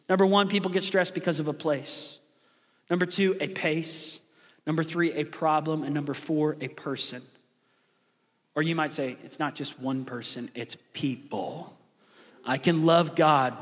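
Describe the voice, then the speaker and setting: Middle-aged male pastor, lively joking sermon delivery, husky tone, big church-hall reverb. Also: high voice. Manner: lively storytelling, quick asides and playful jokes.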